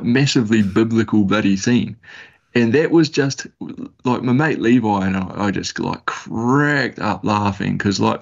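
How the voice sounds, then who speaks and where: A man's voice: lowish voice, creaky, lo-fi sound. A man with a New Zealand accent telling hunting stories as a podcast guest, rambling and laid-back with lots of slang and fillers. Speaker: podcast guest, bush hunter. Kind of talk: casual storytelling.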